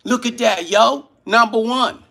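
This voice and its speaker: A man's voice: very high-pitched, a little slow, creaky, bright, forceful tone, voice pushed up, heavily acted. A man voicing a brash young New York homeboy with a New York accent, slangy and forever saying yo and hold up. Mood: hyped.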